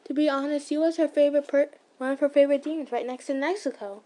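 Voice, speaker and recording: A woman reads a fan story aloud for listeners. Her voice sits high, her reading casual, with slips, restarts and little asides. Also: fairly even intonation, quick pace, dark tone. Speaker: ASMR storyteller.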